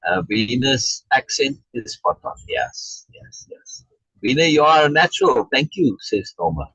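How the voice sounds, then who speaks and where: A man's voice: mid-range voice, big pitch swings, a little slow, pushed and bright, slightly rough, dry recording, low-quality recording. A man leading an online Shakespeare reading group and explaining in casual chat, restarting often and checking in with "right?" as he reads out chat comments. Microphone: video call.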